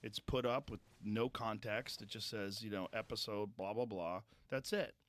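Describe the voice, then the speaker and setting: A man hosting a podcast, talking in a calm, matter-of-fact way and swearing casually in relaxed conversation. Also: fairly low pitch, moderate pace. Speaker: podcast host.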